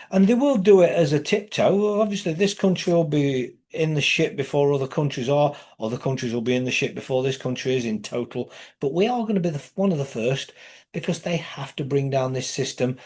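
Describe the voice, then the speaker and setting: A man's voice: medium pitch, a little mellow. A middle-aged English man with an English accent, ranting in a profane monologue that often swells into emphatic outbursts. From England. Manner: swearing often, heated, rising into emphatic outbursts.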